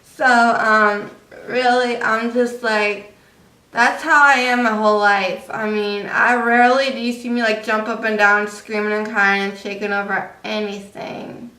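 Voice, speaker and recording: A young woman talks slowly and rambles through a casual vlog, her voice bright and slightly high. She confides in her viewers and leans on plenty of fillers. The sound is roomy and echoey, with the mic set back from her. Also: level tone. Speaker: vlogger. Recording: echoey room, distant mic.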